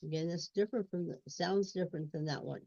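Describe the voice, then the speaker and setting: In a dull lo-fi recording without echo, a woman walks through a reading lesson step by step, repeating sounds and words. She speaks quickly in a lowish, mellow voice with vocal fry.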